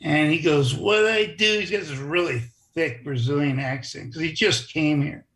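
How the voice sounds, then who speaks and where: A man telling stories in a casual interview, animated and acting out other people's lines. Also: on the high side, normal speed. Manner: animated storyteller who acts out quoted voices. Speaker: interview guest, former wrestler.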